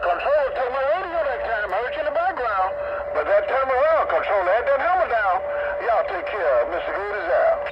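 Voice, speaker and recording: A man's voice: extremely high pitch, very animated, a little fast. A man chatting and teasing another man over a CB radio, exclaiming and laughing often. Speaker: CB radio operator. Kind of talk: CB radio chat. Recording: lo-fi CB radio with loud static.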